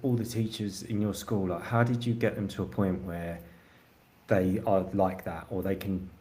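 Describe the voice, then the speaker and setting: A very deep-voiced man hosts a podcast interview. He asks long, meandering questions with lots of fillers and restarts. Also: little pitch movement, normal speed, warm tone. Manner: hesitant, rambling questions full of fillers. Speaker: podcast host.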